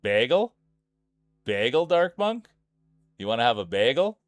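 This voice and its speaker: A man's voice: medium pitch, big pitch swings, unhurried, no echo, soft background music. A man from Saskatchewan with a thick Saskatchewan Canadian accent, giving playful, hype-man commentary on a live-streamed marble race.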